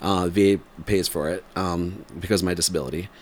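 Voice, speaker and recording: A man in his forties with a somewhat low voice. He rambles through a casual story with plenty of fillers and laughter, and his voice jumps up when he imitates the people in it. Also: fairly even intonation, a little fast. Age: 40s.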